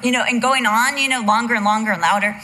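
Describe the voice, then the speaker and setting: A middle-aged woman teaching in a bright, clear voice that sits a little high. She talks candidly and chattily, slipping in humorous asides as she goes. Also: steady tone, quick pace. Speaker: women's Bible teacher. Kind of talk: conversational teaching message.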